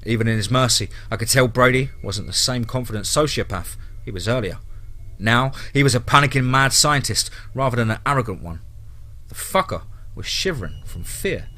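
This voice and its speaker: A man's voice: medium pitch, lively intonation, normal speed, sharp tone. A man telling a horror story aloud in a dramatic, tense narration style.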